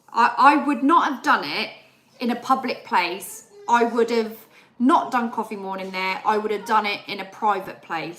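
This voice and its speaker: A woman's voice: medium pitch, fairly bright tone, reverberant. A young adult woman, chatting casually on a live stream and telling a story with re-enacted dialogue. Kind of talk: casual chat.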